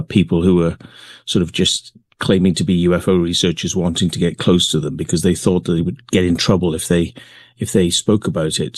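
A man being interviewed, talking in a relaxed way with many pauses and fillers. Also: deep voice, dry recording. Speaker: guest, crop circle maker. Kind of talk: remote interview.

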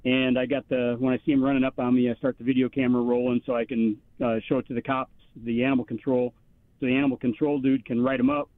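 A man's voice: mid-range voice, level tone, fast, no echo. Brief: rambling male caller, phone-line sound, dry, loose storytelling. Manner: rambling, many fillers and restarts. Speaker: radio show guest. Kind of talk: casual storytelling.

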